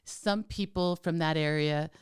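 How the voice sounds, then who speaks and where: A woman with a low, clean voice speaks at a measured pace while co-hosting a podcast. She's chatty, warm-hearted and teasing in casual conversation, with lots of "like" and "um".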